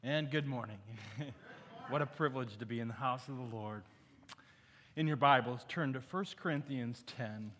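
A man's voice: mid-range voice, normal speed, a bit bright, a little hiss or hum. Emphatic middle-aged male preacher in reverberant church. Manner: calls on congregation to repeat, emphatic. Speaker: guest preacher. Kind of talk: sermon. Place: church sanctuary.

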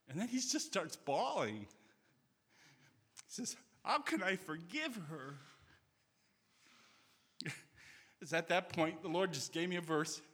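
A man's voice: a little high, fairly bright tone, slightly rough, big-room sound. A man preaching a sermon in a church sanctuary, earnest and telling stories with quoted dialogue.

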